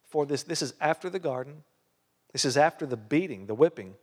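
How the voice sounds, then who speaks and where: A man's voice: fairly high pitch, animated, fairly quick, big-room sound. A man preaching a sermon as a pastor, emphatic, with many rhetorical questions. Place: church hall.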